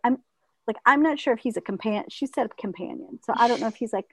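High-voiced woman telling a funny story. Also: fast talker, no room sound. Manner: animated, mimics relatives in higher voices, laughs often. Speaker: storyteller in a conversation; teacher. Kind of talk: casual chat.

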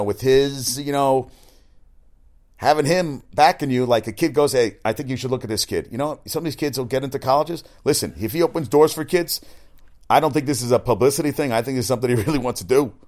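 A man's voice: mid-range voice, darkish tone. A middle-aged man hosting a sports talk show, talking casually and bluntly, with frequent asides and swearing. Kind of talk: casual sports radio monologue.

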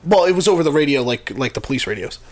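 Fast-talking, animated man in casual chat. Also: fairly high pitch. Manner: chatty, quick to chime in. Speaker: podcast co-host.

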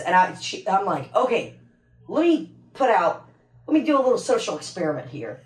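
A woman's voice: medium pitch, very animated, fairly quick, reverberant, low-quality recording. A woman co-hosting a podcast, telling laid-back stories in casual chat and swearing freely. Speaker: podcast co-host.

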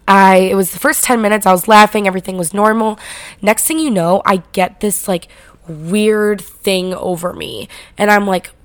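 A woman's voice: medium pitch, normal speed, no room sound. A young woman casually telling college stories, chatty, full of "like" fillers and swearing. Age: young adult. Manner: chatty, heavy "like" fillers, frequent swearing and laughing. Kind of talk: casual storytelling monologue.

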